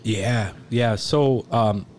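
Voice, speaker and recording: A firefighter guest in his thirties tells a story in a loose, profane, rambling way, laughing often. His voice is on the low side and very slow, with a crowd audible in the background.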